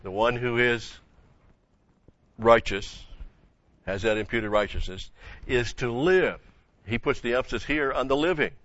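A man teaching the Bible sermon-style, halting with many fillers and asking rhetorical questions. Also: medium pitch, a bit bright, dry recording. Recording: dull lo-fi recording.

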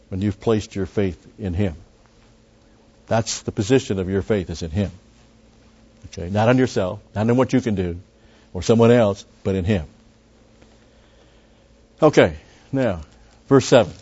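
Male Bible teacher, low voice, dull lo-fi recording, rambling asides with emphatic stresses. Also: mellow, husky. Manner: conversational, with frequent asides and restarts; emphatic on key words.

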